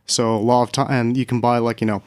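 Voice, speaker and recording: A man's voice: mid-range voice, little pitch movement, fast, a little mellow, no room sound. Man, casual podcast guest, easygoing filler-heavy talk, dry close mic. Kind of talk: casual chat.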